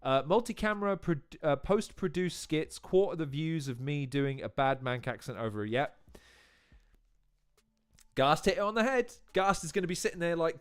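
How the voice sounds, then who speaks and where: A man's voice: a little high, animated, normal speed, clear, resonant tone. A man hosting a live-stream watch-along, talking in profane, rambling tangents. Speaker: host.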